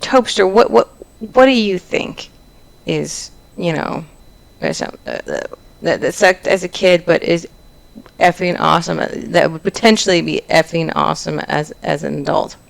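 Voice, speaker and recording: A woman's voice: lowish voice, normal speed, gravelly, poor audio. A young adult woman hosting a casual chat about online stories, joking and often restarting her sentences. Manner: chatty, joking, with frequent restarts. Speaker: host.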